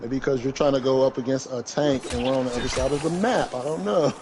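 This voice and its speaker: A man's voice: mid-range voice, fast talker, a little mellow, a little hiss or hum. A man co-hosting a gaming podcast, talking casually and bluntly while playing, sometimes mimicking others. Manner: laid-back, blunt, mimics others mockingly.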